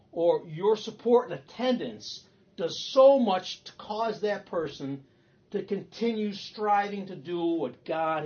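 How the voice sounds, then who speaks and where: Husky-voiced man preaching with emphasis. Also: high voice, a little mellow, muffled recording. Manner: emphatic, repeats phrases for stress. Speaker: pastor leading a Bible study. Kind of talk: teaching sermon.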